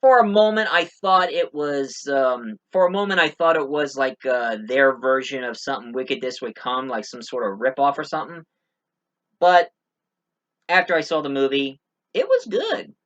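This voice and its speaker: A man's voice: mid-range voice, big pitch swings, moderate pace, fairly bright tone, highs cut off. A man giving a casual spoken movie review, rambling with many fillers and restarts.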